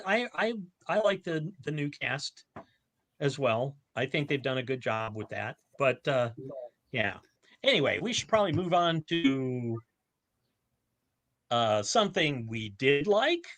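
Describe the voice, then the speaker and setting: A man's voice: medium pitch, unhurried, no room sound. Chatty man with a dry sound. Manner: animated, chatty, many restarts. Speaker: podcast co-host. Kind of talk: casual chat.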